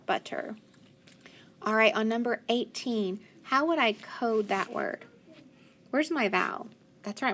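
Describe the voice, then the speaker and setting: A woman teacher leads a phonics lesson at an unhurried pace. She stretches out each sound patiently and offers steady encouragement. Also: mid-range voice.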